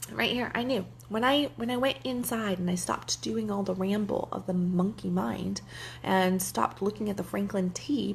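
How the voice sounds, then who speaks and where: A woman's voice: on the high side, gravelly, a little hiss or hum. A woman life coach talking casually to her viewers, candid and chatty, sometimes swearing and acting out what others said. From German heritage. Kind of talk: casual livestream talk to viewers.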